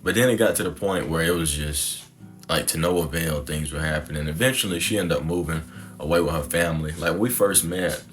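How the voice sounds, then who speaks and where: A man's voice: extremely low pitch, fairly quick, soft background music. A young man telling his personal story to the camera in a reflective, conversational, slangy way. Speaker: content creator.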